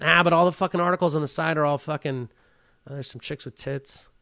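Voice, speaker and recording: A man's voice: on the high side, fairly even intonation, fairly quick, sharp tone, no echo. A man hosting a comedy podcast, ranting profanely and stumbling over words as he reads. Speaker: podcast host.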